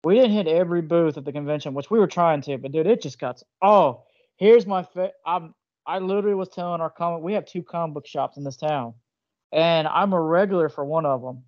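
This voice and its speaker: A man co-hosts a casual podcast interview, telling stories in an animated, slangy way with a high, brisk voice. The recording is dry, dull, and lo-fi.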